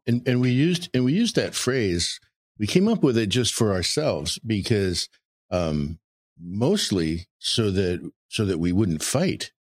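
A man's voice: fairly low pitch, very animated, slow pace, dry recording. A man candidly telling stories from his marriage in an earnest, emphatic way. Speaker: married guest sharing relationship experience. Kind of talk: candid conversational storytelling.

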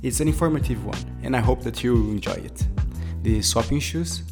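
A man's voice: mid-range voice, a little fast, creaky. A man hosting a podcast, chatting in a friendly way and laughing easily. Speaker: podcast host. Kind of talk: casual podcast interview. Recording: faint music and machine hum.

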